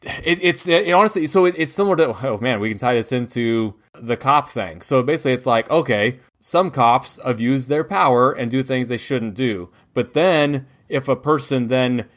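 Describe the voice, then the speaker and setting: A man's voice: medium pitch, moderate pace, a bit bright. A man from the United States, co-hosting a podcast and talking loosely about a film, with lots of fillers and restarts. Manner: rambling, many fillers and restarts. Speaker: podcast co-host. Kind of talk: casual film discussion.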